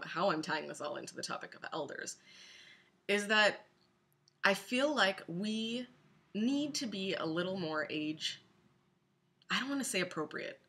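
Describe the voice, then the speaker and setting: Earnest bright-voiced woman vlogging. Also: mid-range voice. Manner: earnest, direct, addressing women listeners. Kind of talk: casual spoken blog post.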